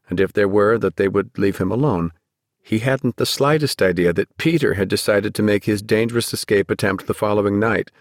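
Man reading a story, low and dry. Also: dry recording. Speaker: narrator. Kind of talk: audiobook narration.

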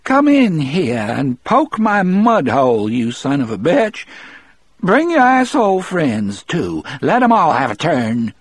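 A man's voice: a little high, huge pitch swings, slow pace, breathy edge, dry recording, voice pushed up, exaggerated voice. A man voicing a weak, confused old woman who calls out querulously and swears, in an audiobook. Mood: shrill, lost. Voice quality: wavery, querulous. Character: weak, wavering, foul-mouthed old woman, sick and confused. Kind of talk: audiobook character voice.

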